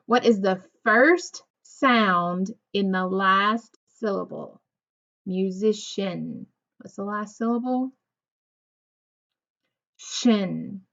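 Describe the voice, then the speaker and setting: A patient woman teacher walks young children through sounds and syllables. She speaks slowly, stretching out words, with encouraging praise in a mid-range voice. The recording is muffled and lo-fi. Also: mid-range voice. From United States. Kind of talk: recorded phonics lesson for second graders. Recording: dull lo-fi recording.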